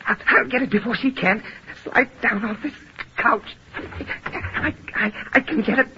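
A man's voice: extremely high pitch, a little slow, pushed and bright, a little hiss or hum, heavily acted. An actor playing a weak, starving man, speaking in a faint, pleading, delirious way in a 1940s radio drama. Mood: desperate. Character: starving weak man crawling toward bread. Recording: muffled old radio broadcast.

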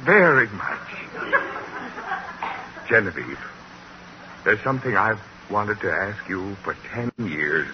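An actor playing a shy, halting middle-aged bachelor in 1940s radio acting. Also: male voice, on the low side, sing-song. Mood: bashful. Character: bashful, timid middle-aged bachelor clerk. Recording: dull, hissy old radio recording.

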